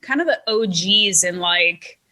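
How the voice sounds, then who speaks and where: A woman's voice: on the low side, animated, a little slow, sharp tone. A woman hosting a podcast, chatting casually and upbeat with plenty of fillers. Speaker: podcast host.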